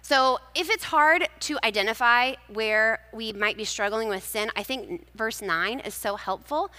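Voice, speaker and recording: Woman preacher, bright, crisp voice, conversational storytelling sermon, live hall with a long echo. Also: a little high, a little slow. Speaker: speaker at a church gathering. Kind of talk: personal devotional sermon.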